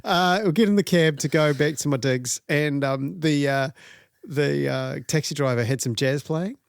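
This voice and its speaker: A man's voice: on the high side, moderate pace, creaky, clean tone, no echo. A middle-aged man, co-hosting a podcast and telling self-mocking stories in casual chat. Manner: laid-back storytelling, self-mocking. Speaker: podcast co-host.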